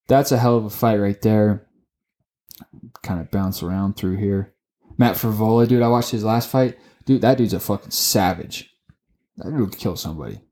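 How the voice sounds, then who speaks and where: A man co-hosting a casual sports podcast, talking excitably, swearing often and tripping over his words. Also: lowish voice. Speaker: podcast co-host.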